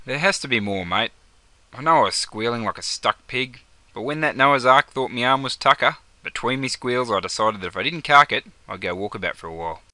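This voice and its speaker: Jono, a young Aussie bloke and easygoing mate, is voiced by a young Australian man bantering in broad slang for a sketch comedy bit. His mid-range voice is sharp with lively intonation and a fairly quick pace, in a dry recording.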